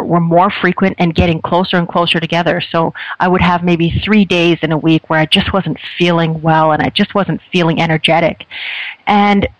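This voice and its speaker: A woman's voice: on the low side, dry recording, muffled recording. A middle-aged woman telling how her own life went, earnest and reflective, often restarting her words. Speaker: speaker sharing a personal story. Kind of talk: personal testimony.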